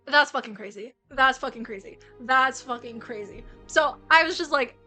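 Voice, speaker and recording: High bright young woman streamer. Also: normal speed, faint music behind. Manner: animated, swears a lot, frequent restarts. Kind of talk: casual story time on stream.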